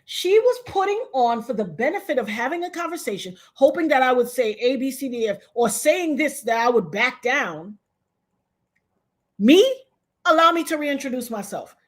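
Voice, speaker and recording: Woman, interview guest, blunt and emphatic, high voice, swooping all over. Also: animated, normal speed, hardly any pauses. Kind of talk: animated storytelling interview.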